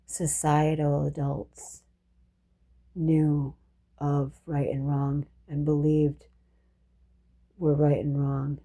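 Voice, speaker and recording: A woman's voice: low voice, monotone, extremely slow, creaky, long pauses, mellow. A woman telling a personal story in a rambling, reflective monologue, restarting often and dropping profane asides.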